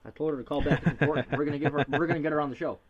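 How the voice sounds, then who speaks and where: A man co-hosting a casual podcast, chiming in with quick, teasing remarks. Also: on the high side, fairly even intonation, dull audio, over a noisy crowd. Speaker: podcast co-host.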